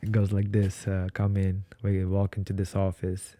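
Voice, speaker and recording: A man's voice: sits low, completely flat delivery, normal speed, dark tone, no room sound. A man from Ukraine, a podcast guest, telling his story in a blunt, casual way and swearing freely. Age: 20s.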